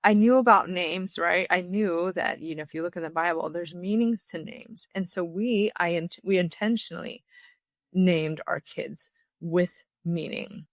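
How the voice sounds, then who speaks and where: Middle-aged woman, faith podcast host, earnest and encouraging, gravelly voice, dry close mic. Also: fairly low pitch, measured pace, no echo. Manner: earnest, encouraging, with restarts and fillers.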